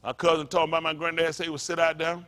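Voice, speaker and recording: A man's voice: on the high side, completely flat delivery, very fast, bright, forceful tone, smooth. A male pastor preaching a fiery, blunt sermon, full of profanity and call-and-response asides.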